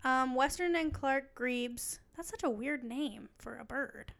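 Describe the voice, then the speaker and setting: A woman's voice: sits high, measured pace, vocal fry, a bit bright. A woman co-hosting a casual chat, reading out bird facts and joking about them. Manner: playful, giggly, reads facts then jokes. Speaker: podcast co-host.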